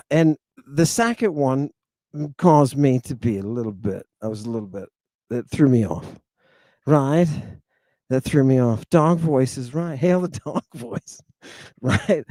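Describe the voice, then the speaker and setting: A man's voice: medium pitch, slow, long pauses, no echo. A man telling a personal story in a casual, slangy monologue, hosting his own show and tossing in "right?" along the way. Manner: animated, slangy, peppers lines with "right?" and "baby". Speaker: podcast host.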